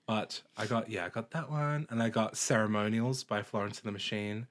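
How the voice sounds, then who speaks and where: A man's voice: lowish voice, brisk. A young man co-hosting a podcast in casual chat, full of "um" and sometimes singing snatches of songs. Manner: chatty, lots of "um", breaks into bits of song. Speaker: podcast co-host.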